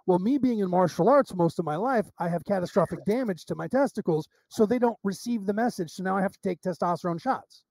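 A middle-aged psychic medium guest with a high, dark-toned voice shares anecdotes in a relaxed interview, acting out every line of dialogue and restarting a lot. He talks quickly with vocal fry and few pauses, and the sound is dry, close, and echo-free.

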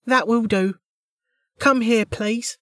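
A bored female checkpoint official with a raised, curt voice, as a male audiobook narrator puts her on. She gives flat, clipped commands in a close, dry recording. Her tone stays weary and businesslike. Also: very high voice, slow pace, dry recording, voice pushed up, full character voice.

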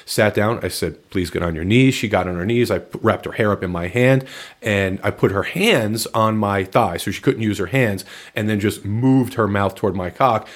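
A man recounting a personal story in frank, casual podcast chat, relaxed and matter-of-fact. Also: on the low side, moderate pace.

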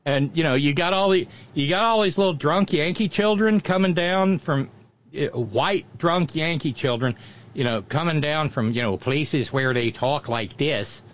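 A man telling stories in casual chat as a radio host, animated and mimicking the way others talk. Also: fairly high pitch, moderate pace, muffled recording. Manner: animated, drawling storyteller who mimics accents.

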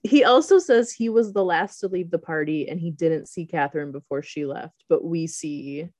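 A woman's voice: deep voice, normal speed, darkish tone, dry recording. A woman in casual chat, recapping a movie plot with frequent laughter and acted-out quotes. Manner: laughs often, acts out quoted lines. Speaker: podcast co-host recapping a movie.

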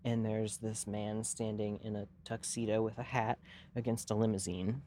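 A man's voice: on the low side, little pitch movement, normal speed, mellow, slight background noise. A young man co-hosting a podcast, telling a long story in casual chat, rambling and swearing freely with lots of fillers. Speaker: podcast co-host.

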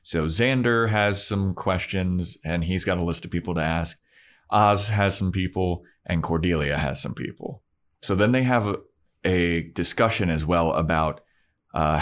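A man co-hosting a podcast, recapping a TV episode in casual chat and acting out the characters' lines. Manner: animated recapper who acts out characters in high falsetto voices.

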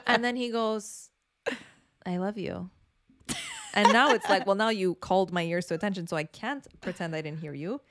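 Young woman on a podcast, blunt, swears a lot, tells stories all animated. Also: medium pitch, normal speed. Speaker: podcast co-host. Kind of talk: casual chat.

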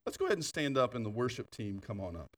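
A man preaching in a church, telling stories with laughs and asides, then turning quieter to lead an altar call. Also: mid-range voice, fast, distant mic. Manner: animated storytelling with laughter and asides. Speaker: pastor. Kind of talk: sermon. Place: church sanctuary.

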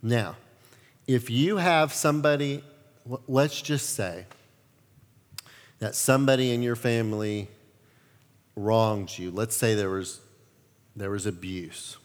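A male pastor preaching a sermon, telling stories with lively acted-out quotes. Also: mid-range voice, slow, long pauses, long reverb tail. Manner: animated storytelling, acts out quotes.

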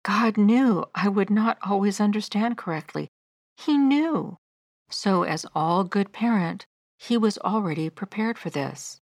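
A middle-aged woman narrating her own devotional book in a gentle, measured, earnest reading. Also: mid-range voice, expressive, dry recording, studio quality.

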